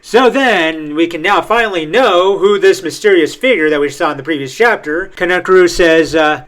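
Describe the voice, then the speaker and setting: A man hosting a casual manga reaction, talking excitably with frequent fillers as he reads through pages. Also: high-pitched, moderate pace, few pauses. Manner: excitable, hyped, lots of uh fillers.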